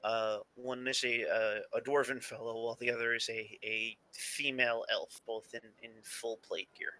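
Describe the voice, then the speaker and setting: A young man narrating as game master of a tabletop game, halting with many fillers and restarts. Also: medium pitch, fairly even intonation, bright, forceful tone, rough recording.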